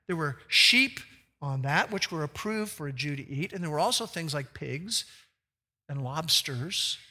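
Bright-voiced male preacher in a reverberant hall. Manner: animated, acts out quoted voices with big jumps in pitch. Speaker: pastor. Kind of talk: sermon. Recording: long reverb of a large hall.

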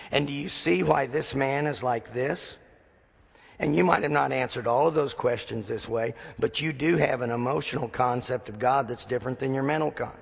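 A male pastor delivers a sermon in a gravelly, slightly husky voice. He tells stories with dry humor, slipping into the voices of the people in them. His words echo with the long reverb of a large sanctuary. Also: mid-range voice. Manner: storytelling with dry humor, acting out dialogue.

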